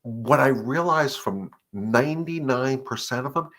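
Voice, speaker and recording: A man's voice: mid-range voice, lively intonation, fairly bright tone. A middle-aged man, a dog trainer hosting a live question-and-answer session, talking earnestly and emphatically and repeating his points. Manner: earnest and emphatic, repeating points, acting out dogs and owners in quick asides. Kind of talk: live-stream advice talk.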